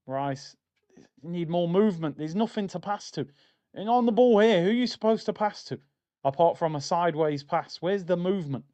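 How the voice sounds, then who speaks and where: A man's voice: fairly high pitch, a little mellow. A young man hosting a live football watchalong, talking in slangy, exasperated banter about the match.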